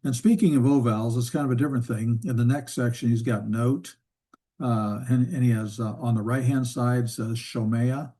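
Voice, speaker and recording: Relaxed man teaching a Hebrew class. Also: mid-range voice, moderate pace. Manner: relaxed, thinking aloud with fillers and rhetorical questions. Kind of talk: classroom lecture. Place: church classroom.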